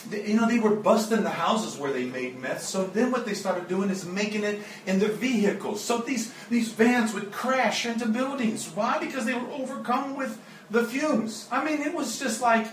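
A man's voice: high-pitched, normal speed, slight background noise. A man from the Joplin, Missouri area, preaching as a guest and telling stories in an earnest, emotional way that breaks into laughs. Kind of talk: storytelling sermon. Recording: echoey room, mic at a distance.

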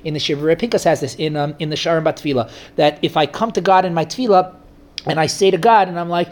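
A man's voice: a little high, fairly even intonation, quick pace. A man leading an informal Torah study class, thinking aloud frequent restarts and fillers. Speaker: Torah teacher.

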